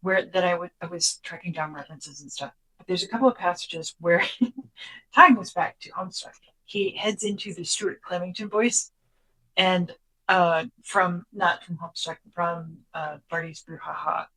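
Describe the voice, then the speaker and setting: A podcast co-host chatting casually and summarizing from notes, animated, sometimes dropping into a whisper for quoted lines. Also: mid-range voice, unhurried, poor audio.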